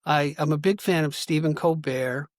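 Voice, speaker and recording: A man hosting an interview, asking questions in a thoughtful, halting way and often restarting his sentences. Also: a little high, no room sound, clean studio sound. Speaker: interview host. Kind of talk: conversational interview.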